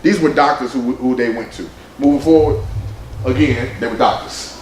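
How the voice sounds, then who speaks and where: A man presenting with slides at a conference, animated and conversational, slipping into other people's voices when he quotes them. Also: medium pitch, moderate pace, slight background noise. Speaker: presenter at a men's summit. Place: conference room. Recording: roomy hall sound with faint ambience.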